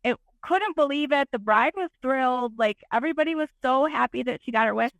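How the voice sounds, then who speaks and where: A woman's voice: sits high, animated, fairly quick, creaky, fairly bright tone, no echo. A woman photographer from Michigan, chatting in a casual podcast interview and telling a story with plenty of fillers. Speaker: guest photographer.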